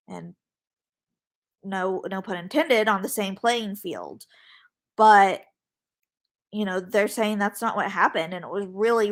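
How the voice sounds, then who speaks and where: A young woman reporter, a guest on a podcast, answering questions in a halting way with many fillers and restarts. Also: medium pitch, a bit bright. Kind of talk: podcast interview.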